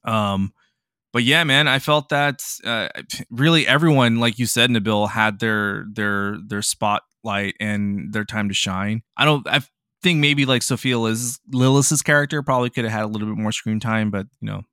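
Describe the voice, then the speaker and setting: A man's voice: on the low side, normal speed, pushed and bright, clear, resonant tone, no echo, clean studio sound. A man co-hosting a podcast, chatting casually with profane, laughing enthusiasm. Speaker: podcast co-host. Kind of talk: casual chat.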